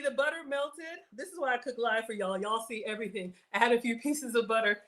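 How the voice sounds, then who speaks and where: A woman's voice: on the high side, a little fast, hardly any pauses, fairly bright tone. A woman chatting casually while hosting a live cooking stream, reading viewer comments aloud and laughing often. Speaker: livestream cooking host.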